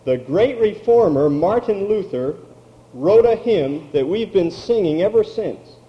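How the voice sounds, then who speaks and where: Man, pastor, sermon, high voice, unhurried, emphatic, muffled recording. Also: expressive. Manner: slow, emphatic preaching with drawn-out words.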